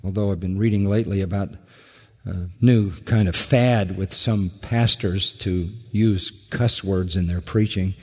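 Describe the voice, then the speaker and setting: A male pastor preaching a sermon emphatically, repeating key words and letting line ends fall soft and low. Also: steady tone, a little slow, husky. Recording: long reverb of a hall.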